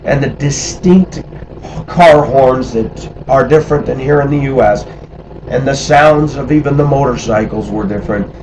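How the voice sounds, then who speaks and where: A middle-aged man with a medium-pitched voice tells casual stories about his life abroad at a normal speed, with background noise behind him. He's animated and acts out the voices of the people he quotes.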